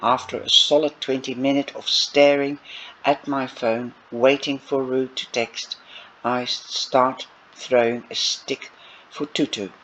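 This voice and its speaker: Unhurried man reading a novel aloud. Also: mid-range voice, little pitch movement, fairly bright tone. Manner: unhurried, chatty asides to listeners. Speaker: audiobook reader. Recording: dull lo-fi recording with faint noise.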